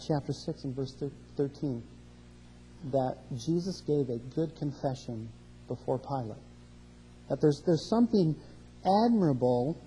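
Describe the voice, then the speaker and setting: A man's voice: a little high, dark tone, a little hiss or hum. Preaching man in a reverberant hall. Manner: expository preaching with verse references and rising emphasis. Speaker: pastor. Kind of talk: sermon.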